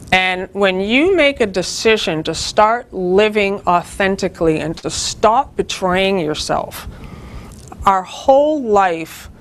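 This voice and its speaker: A woman leading a spiritual group, giving an earnest, informal talk that teaches through personal stories. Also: lowish voice.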